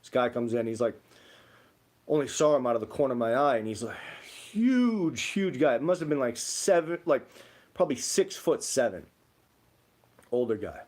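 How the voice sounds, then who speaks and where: A man's voice: medium pitch, big pitch swings, normal speed, a little mellow. A young man co-hosting a livestream, telling rambling stories in casual chat and reading out viewer comments, full of "like" fillers. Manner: rambling storytelling, many "like" fillers. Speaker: livestream co-host.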